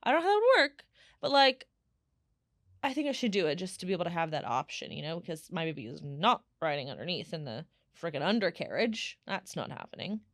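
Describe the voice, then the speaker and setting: A woman in her thirties talks through a solo podcast, chatty and animated, piling on fillers as she tells her stories. Her voice sits on the lower side. The sound is dry and close, with no room echo. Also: a little fast. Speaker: podcast host. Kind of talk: casual solo podcast chat.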